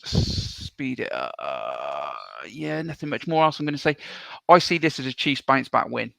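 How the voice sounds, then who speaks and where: A man co-hosting a sports podcast in casual chat, rambling with many ums and restarts, blunt and quick to swear. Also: medium pitch, wildly swooping pitch, vocal fry, fairly bright tone, dry recording. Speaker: co-host.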